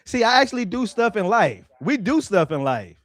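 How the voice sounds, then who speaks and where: A male livestream host with a notably high voice, recorded dry and close on a streaming mic. He talks over his callers in a confrontational way, piling on the mockery and the trash talk. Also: very animated, moderate pace, dry recording. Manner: confrontational trash-talking, mocking.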